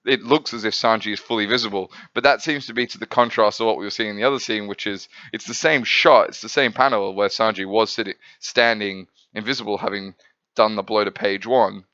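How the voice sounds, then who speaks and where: A man's voice: fairly low pitch, fairly even intonation, fairly quick, bright, forceful tone, no echo, lo-fi sound. A man reviewing a comic in a rambling, filler-heavy casual chat.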